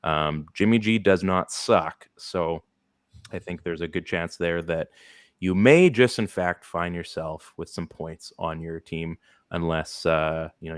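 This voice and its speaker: A man's voice: sits low, fairly even intonation, a little slow, no echo, clean studio sound. A man hosting a casual sports podcast, rambling along with plenty of filler words. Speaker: podcast host. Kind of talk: casual fantasy football podcast chat.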